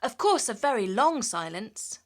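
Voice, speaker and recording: A woman's voice: fairly high pitch, very animated, a little slow. A woman narrating a children's story in a playful way, stretching words out to mimic sounds.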